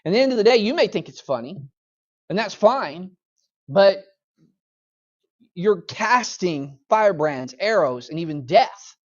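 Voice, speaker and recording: A man's voice: high voice, animated, a little slow, long pauses, muffled recording. A male pastor leading a Bible study in church, talking conversationally, often checking in with "okay?" and briefly acting out voices. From United States.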